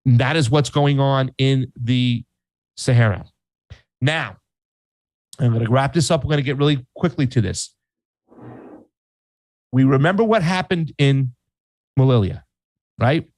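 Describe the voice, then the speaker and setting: A man's voice: medium pitch, measured pace, pauses often, dry recording, rough recording. A man hosting casual political commentary, reading headlines aloud and breaking in with slangy asides, sometimes mocking countries in quoted voices. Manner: animated, reads headlines aloud, says "fam", voices countries in mock quotes.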